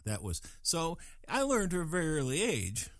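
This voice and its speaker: Lively rambling storyteller man in his sixties. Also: a little high, normal speed, no room sound, studio quality. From Louisiana. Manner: rambling, digressive, self-mocking asides. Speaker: speaker telling a story to a group. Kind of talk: casual storytelling.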